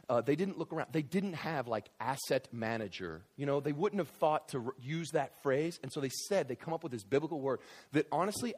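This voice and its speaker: A man preaching a sermon in church, telling a story with animated delivery that builds to emphatic shouts. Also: mid-range voice. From Southern United States. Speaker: pastor.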